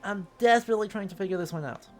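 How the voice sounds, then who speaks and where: A man's voice: high voice, very fast, faint music behind. A man streaming a game live, cracking jokes and making scattered asides between reading lines.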